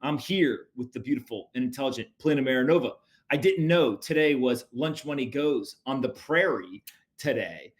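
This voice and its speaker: A man's voice: mid-range voice, expressive, moderate pace. A man hosting a podcast, bantering and joking energetically in casual chat and reading a sponsor spot. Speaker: podcast host.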